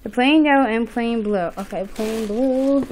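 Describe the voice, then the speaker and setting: A woman filming an unboxing vlog, talking in a nervous, excited and gushing way. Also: a little high, unhurried, a little hiss or hum, rough recording. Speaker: vlogger. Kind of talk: unboxing vlog, casual chat.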